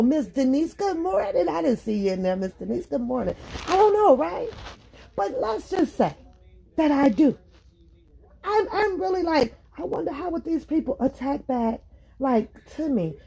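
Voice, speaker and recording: High-pitched woman in a profane rant. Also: gravelly. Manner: profane, animated and laughing. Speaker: talk show host. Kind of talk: casual opinion monologue.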